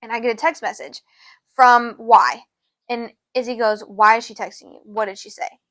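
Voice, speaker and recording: A woman's voice: steady tone, normal speed, a bit bright, dry recording. A young woman co-hosting a podcast, telling a long personal story in a rambling, casual way. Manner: rambling, fillers like "da, da, da" and "low-key". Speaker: podcast co-host.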